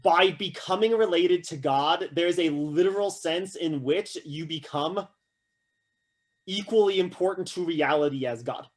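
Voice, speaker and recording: A man giving a casual, animated philosophy lecture to a class, often checking in with "right?" and acting out quotes with humor. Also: fairly high pitch, unhurried. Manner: acts out quoted voices with humor.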